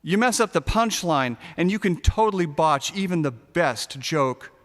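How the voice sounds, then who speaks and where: A man narrating a first-person short story in a sardonic, darkly comic way, now and then shouting a punchline. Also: fairly high pitch, expressive, normal speed, long reverb tail.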